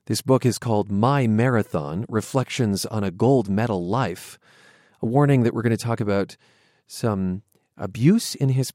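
Guy hosting an interview, calm even voice, dry close mic. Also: medium pitch, dry recording. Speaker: host. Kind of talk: radio interview.

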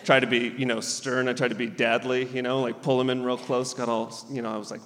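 A man in his thirties doing stand-up in an animated way, acting out friends and his son in quick put-on voices. His voice carries a long hall reverb, and his pitch sits in a middle range for a man. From Southern California. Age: 30s. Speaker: stand-up comedian and guest. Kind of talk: stand-up comedy then casual interview. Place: stage in a hall with a live audience.

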